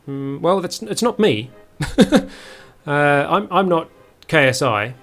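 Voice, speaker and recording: A man's voice: a little high, expressive, measured pace, a bit bright, soft background music. A young man streaming a space game live, talking viewers through his moves with many ums and restarts. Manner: hesitant, full of ums, chats with viewers. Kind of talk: live gameplay commentary.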